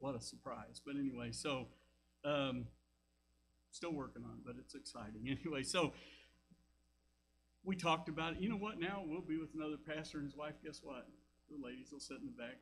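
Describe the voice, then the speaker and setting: In a church sanctuary, an older pastor with a Southern American accent delivers a sermon full of folksy stories and frequent asides. His medium-pitched voice is creaky, with noise in the background.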